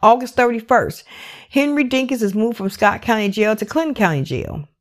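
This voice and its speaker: A woman's voice: a little high, animated, moderate pace. A woman recapping a true crime case in a casual, emotional and candid way, swearing freely and leaning on "like" as she talks. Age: adult parent. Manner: emotional, candid and profane, with many "like" fillers.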